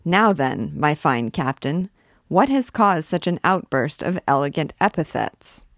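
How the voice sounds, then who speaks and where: A woman's voice: low-pitched, sing-song, unhurried, no room sound, exaggerated voice. Lady doing a cheeky student guy, teasing and playful, dry close sound. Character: cheeky, mischievous young male student.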